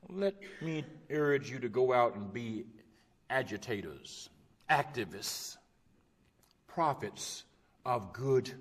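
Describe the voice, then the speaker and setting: A man preaching a sermon as a pastor, impassioned, with repeated rhetorical phrases that swing from loud urgent peaks to hushed low drops. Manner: repetitive rhetorical cadence. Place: church sanctuary. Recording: long church reverb.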